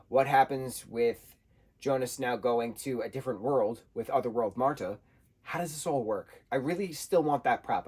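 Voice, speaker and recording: A man giving an excitable, casual review monologue, peppered with slang and repeated exclamations. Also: medium pitch, slightly rough. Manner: excitable, animated, repeats slang like "bro" and "wild". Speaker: show reviewer.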